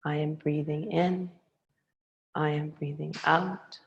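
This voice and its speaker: Woman yoga teacher, really slow and soothing, kinda low gravelly voice. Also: muffled recording. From Hawaii. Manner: slow, calm, soothing cues. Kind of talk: guiding a yoga class. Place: yoga studio.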